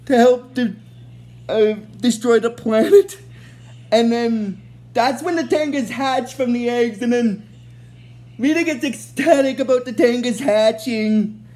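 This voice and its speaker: A woman with a fairly high voice recapping a TV episode off the cuff. She rambles, backtracks and fills pauses as she goes. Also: dark tone. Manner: rambling, many fillers and restarts. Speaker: show recap host.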